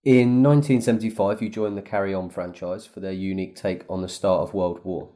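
Male interviewer, very low dark voice, measured formal questions. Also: fairly even intonation.

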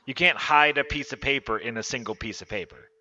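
A man's voice: mid-range voice, a little fast, a crowd in the background. A man narrating as game master, teasing his players dryly, on a dull lo-fi recording.

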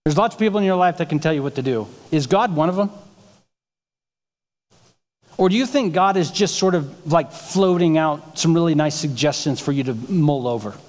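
A man's voice: on the high side, normal speed, darkish tone, long reverb tail. A male pastor preaching a sermon in a conversational way, asking the congregation rhetorical questions. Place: church sanctuary.

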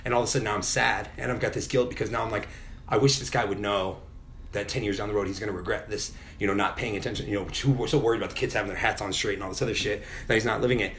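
A man's voice: lowish voice, steady tone, racing, a bit bright, slight background noise. A middle-aged man telling a personal story in a casual podcast chat, candid and full of swearing. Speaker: podcast guest.

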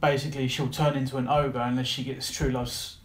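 A man's voice: mid-range voice, flat delivery, a little fast, roomy sound, a little hiss or hum. A man on a film podcast in casual chat, blunt and jokey, repeating his point to tease the others.

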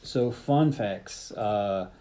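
A man hosting a casual film podcast, telling behind-the-scenes stories in a relaxed, rambling way. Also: lowish voice, drawn-out words. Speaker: podcast host. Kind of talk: casual chat about a film.

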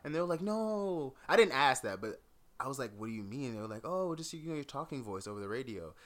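A man co-hosting a podcast in casual chat, chatty and quick to laugh while telling stories. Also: mid-range voice. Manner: chatty, laughs often, animated storytelling. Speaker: podcast co-host.

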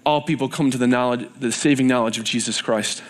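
A man's voice: medium pitch, steady tone, fairly quick. A man preaching a sermon in a church, earnest and repetitive, building in intensity.

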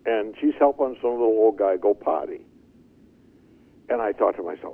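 An older man telling his life story as an interview guest, animated and chuckling as he goes. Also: fairly low pitch, moderate pace. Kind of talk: storytelling testimony. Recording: tinny phone-like line.

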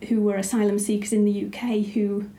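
A woman's voice: medium pitch, level tone, brisk, creaky, mellow, echoey room. A woman, a writer and editor, chatting casually and thoughtfully with frequent ums. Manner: thoughtful, a little hesitant with many ums. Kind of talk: casual conversation.

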